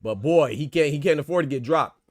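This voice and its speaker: A man calls a boxing fight live for his viewers in a loose, slangy, conversational way. He gets excited and loud when the action heats up. His voice sits a little high, and the dry, close recording has almost no room sound. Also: a little fast, no echo. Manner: excitable, shouts during big moments, slangy and conversational. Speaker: boxing commentator and channel host.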